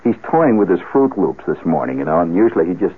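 A man telling a rambling comic story on the radio, animated and full of asides and restarts. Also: low-pitched, fast, breathy edge. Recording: tinny phone-like old radio broadcast.

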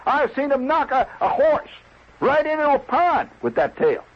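A man voicing an excitable club host who talks in high, incredulous exclamations, on a dull lo-fi old recording. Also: fast talker, exaggerated voice. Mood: emphatic.

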